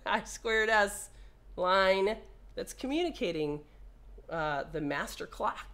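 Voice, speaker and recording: A woman's voice: fairly low pitch, a bit bright. A woman repair technician walking viewers through a hands-on demo in a casual, playful way, chatting to the device and cursing when things go wrong. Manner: playful, talks to the phone, swears when frustrated.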